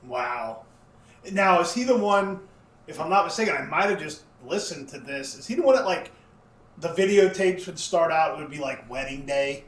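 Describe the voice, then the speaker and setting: High-voiced man telling stories on a podcast. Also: moderate pace. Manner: animated, profane storytelling. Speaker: podcast co-host. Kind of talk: casual podcast chat. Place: home basement. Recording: roomy basement echo.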